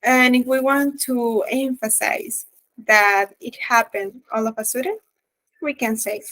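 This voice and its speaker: Higher-voiced woman presenting grammar to class. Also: unhurried, fairly bright tone, rough recording. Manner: reads definitions and examples aloud with fillers. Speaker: student presenter.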